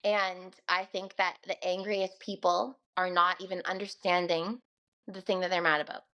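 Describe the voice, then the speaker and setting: A woman's voice: lowish voice, flat delivery, moderate pace, highs cut off. A young woman, a radio host, talking casually and earnestly on a podcast. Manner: chatty, earnest, laughs often.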